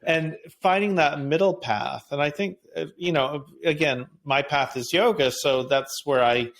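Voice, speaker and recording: A man who teaches yoga, talking in a thoughtful, measured way in a reflective spiritual conversation. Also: on the high side. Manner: thoughtful and measured, with soft laughs.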